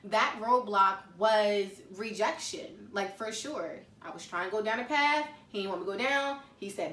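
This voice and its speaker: A woman vlogging about faith and life in a casual, slangy, animated way. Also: medium pitch, moderate pace, hardly any pauses. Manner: chatty, slangy, animated storytelling. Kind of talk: casual confessional talk. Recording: echoey room, mic at a distance.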